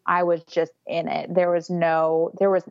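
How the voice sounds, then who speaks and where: A woman's voice: on the low side, level tone, measured pace, creaky, no room sound, dull audio. A young woman casually telling a candid story, often laughing as she talks. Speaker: guest telling her birth story. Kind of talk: casual conversation.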